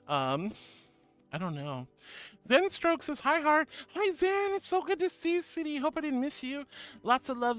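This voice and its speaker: A woman streamer chatting casually and reading her chat aloud, playful and teasing, with mock protests. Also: a little high. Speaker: VTuber streamer.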